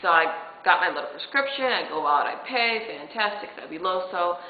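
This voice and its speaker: A woman's voice: fairly low pitch, lively intonation, a little fast. A girl of seventeen rambling through a personal story, retelling each exchange with "I'm like" and the odd swear word. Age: late teens. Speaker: vlogger. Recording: tinny echoey room recording, faint hiss.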